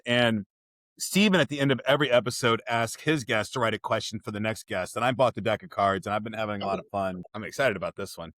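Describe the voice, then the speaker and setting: A man's voice: mid-range voice, a bit bright, no room sound. A male podcast host with a mid-range voice, talking in an earnest, reflective way. He laughs easily between thoughts. The recording is dry and close. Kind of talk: casual interview chat.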